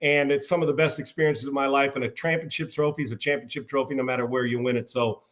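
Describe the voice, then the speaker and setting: A man's voice: mid-range voice, fairly even intonation, fast, a bit bright. A man who played pro football, talking sports with enthusiasm, rambling and calling people brother. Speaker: former football player, guest commentator. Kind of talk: casual sports talk.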